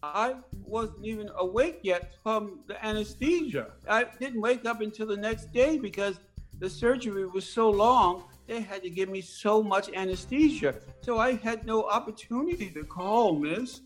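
A woman voicing her own frail, dazed self just after surgery, with a halting, stammering, breathless way of speaking. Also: medium pitch, faint music behind, natural voice. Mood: frail, pleading.

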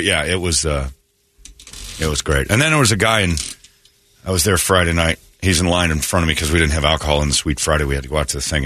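A man's voice: a bass voice, husky. A man hosting a morning radio show, telling stories with lots of acted-out dialogue and blunt opinions, swearing now and then. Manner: animated storytelling, acts out both sides of conversations. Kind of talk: casual radio chat.

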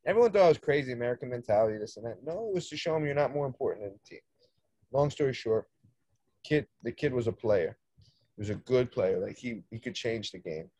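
A man, a soccer coach, telling a story in casual chat, animated, swearing freely and acting out the dialogue. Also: mid-range voice, fast talker, dry recording. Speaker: soccer coach, podcast guest.

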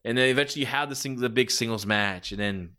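Man, rambling casual wrestling talk, lots of fillers, mid pitch. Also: fast, bright, forceful tone, clear, resonant tone. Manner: rambling, many fillers, acts out quotes. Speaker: wrestling commentator. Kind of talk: casual spoken analysis.

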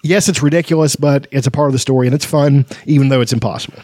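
A man's voice: mid-range voice, fast talker, a little mellow, no echo. A man hosts a casual chat about a fantasy book, mixing read-aloud passages with rambling comments. He laughs often and trips over his words. His voice sits mid-range, and the sound is dry and close. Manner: chatty, laughs often, many fillers and restarts. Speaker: podcast host.

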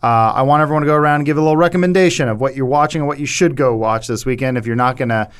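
A man's voice: medium pitch, very fast, smooth. A man hosting a casual movie podcast, steering the talk with questions. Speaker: podcast host.

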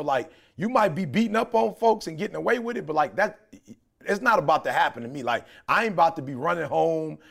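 A man's voice: a little high, creaky. A middle-aged man from Detroit, a podcast co-host talking in a passionate, preachy way. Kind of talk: casual podcast chat.

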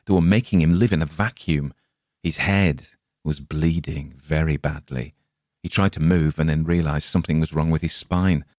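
A man with a very deep, low voice reads a dark tale aloud, measured and ominous. The recording is close and dry, with no room sound at all. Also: no echo. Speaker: story narrator. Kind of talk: dramatic story reading.

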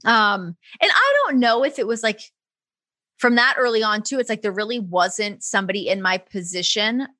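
A woman's voice: medium pitch, dry recording. A woman from Toronto, a broadcaster, chatting casually as an interview guest, laughing easily and telling stories with lots of fillers. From Toronto, Canada. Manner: chatty, quick to laugh, lively storytelling with many fillers. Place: her home.

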